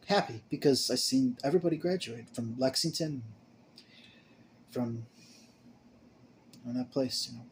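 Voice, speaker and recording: A young man talking to camera in a rambling, emotional monologue. He stammers, restarts and repeats words, swinging between mumbling and loud bursts. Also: mid-range voice, normal speed, slight background noise.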